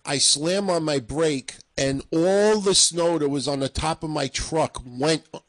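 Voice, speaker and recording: A man co-hosting a talk show, telling a profane, heated story and acting out a shouting match. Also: on the high side, unhurried, no room sound, poor audio. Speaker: podcast co-host.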